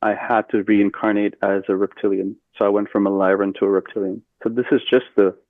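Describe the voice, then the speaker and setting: A man telling a personal story as a podcast guest, earnest and steady with fillers. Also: on the low side, fairly quick, dry recording. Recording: tinny phone-like line, dry.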